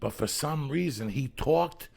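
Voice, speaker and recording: A man's voice: mid-range voice, unhurried, gravelly. A middle-aged man hosting a podcast, telling profane stories in casual chat. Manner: profane, animated storyteller. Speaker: podcast host.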